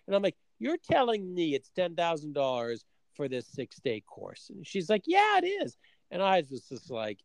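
A man's voice: a little high, huge pitch swings, moderate pace, vocal fry, no room sound. A middle-aged man from Canada telling a story in casual chat, acting out both sides of his conversations.

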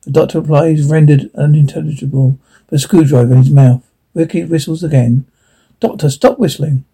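A man's voice: fairly high pitch, fairly even intonation, brisk, gravelly, mellow, husky. A man reading a script aloud, stage directions included, in a plain, unpolished way with stumbles.

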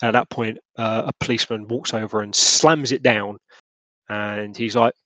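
A man running a tabletop role-playing game as game master, narrating in a halting, laughing way. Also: on the low side, fairly even intonation, fairly bright tone, no echo, low-quality recording.

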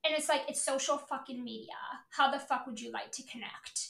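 A woman's voice: high-pitched, a little fast, gravelly, hardly any pauses, fairly bright tone, reverberant. Brash, profane woman podcast host. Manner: brash, profane, impatient, emphatic. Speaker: podcast host, business owner. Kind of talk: blunt motivational podcast monologue.

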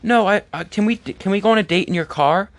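A man puts on a shrill, scornful young woman turning down a date at a run-down house. Her voice jumps far above the speaker's own in a squeaky falsetto. The sound is dry and close. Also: brisk, no echo, close to an everyday voice.

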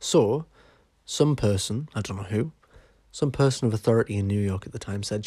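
In a dry recording with no echo, a man hosting a podcast tells a casual story. His voice is lowish and dark with a breathy edge, moderately paced, and he's chatty and sweary, saying "right?" a lot.

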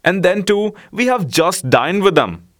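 A man's voice: sits high, big pitch swings, unhurried, fairly bright tone, voice pushed up, heavily acted. A man putting on a crafty scheming woman. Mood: sly. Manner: sly, self-justifying.

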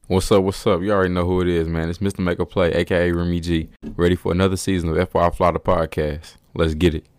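Deep-voiced fast-talking young co-host. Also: male voice, little pitch movement, a little mellow, no echo. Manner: hype, slangy. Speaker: podcast co-host. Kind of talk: casual podcast chat.

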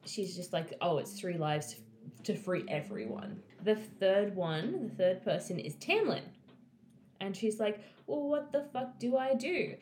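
A woman's voice: mid-range voice, expressive, a little slow, a little mellow, echoey room, slight background noise. A woman casually retelling a book's plot to a friend, swearing freely and acting out the characters' lines. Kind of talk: casual chat.

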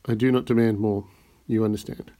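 A man's voice: lowish voice, little pitch movement, brisk, mellow, natural voice. A man reading the lines of a timid, eager-to-please old Italian ex-soldier in an audiobook. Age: older.

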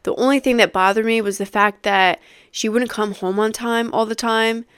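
A young woman in her twenties tells a story in an animated way, swearing freely, with lots of filler words. Her voice is smooth and crisp. The sound is dry and close, with no room echo. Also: a little high, moderate pace. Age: 20s. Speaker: podcast host. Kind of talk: casual storytelling rant.

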